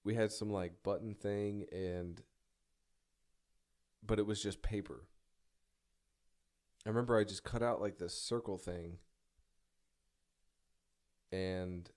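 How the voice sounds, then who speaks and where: A man's voice: sits low, slow pace, pauses often, darkish tone. A young man telling a personal story in a rambling, self-deprecating way, swearing casually and stumbling through many restarts.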